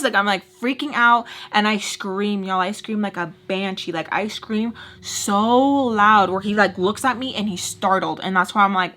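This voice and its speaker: Young woman, storytime vlogger, lively and dramatic, acts out every quote. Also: mid-range voice, normal speed, few pauses. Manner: expressive storyteller, acts out quotes, switches loud and soft. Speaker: beauty vlogger telling a story. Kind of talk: storytime while doing makeup.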